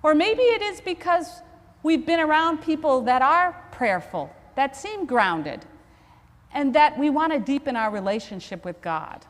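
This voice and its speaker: An Episcopal priest preaches a sermon in church, telling a story in a conversational, self-deprecating way. Her voice is high-pitched, sing-song, and unhurried, and the recording carries long church reverb.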